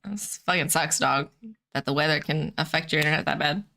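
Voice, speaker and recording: A woman's voice: low voice, a little fast, gravelly, bright, forceful tone. A woman hosting a casual live stream from home, rambling with lots of fillers and giggling often. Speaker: streamer and host.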